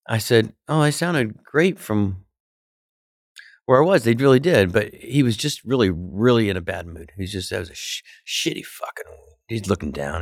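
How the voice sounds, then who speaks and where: A middle-aged male comedian telling a backstage anecdote in an animated, profane way, acting out the people he quotes. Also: lowish voice, normal speed, dry recording, studio quality. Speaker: comedian guest. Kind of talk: storytelling anecdote.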